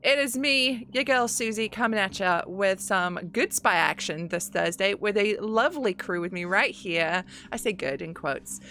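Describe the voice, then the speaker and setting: A woman's voice: mid-range voice, normal speed, few pauses, sharp tone. A woman with a Yorkshire accent hosting a tabletop game stream as game master, bubbly and playful as she introduces the players.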